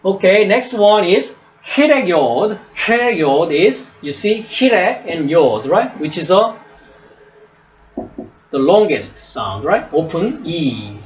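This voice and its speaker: A very animated Hebrew teacher gives a classroom lesson slowly and deliberately, repeating words for his students and often asking "right?" His fairly high voice swings up and down a great deal, and the audio is dull and lo-fi.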